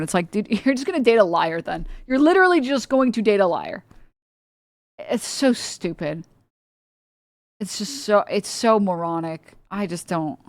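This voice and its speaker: A woman's voice: medium pitch, dry recording, studio quality. A woman streamer ranting in casual commentary, blunt, profane and sarcastic, rambling with lots of filler words. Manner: rambling with many filler likes.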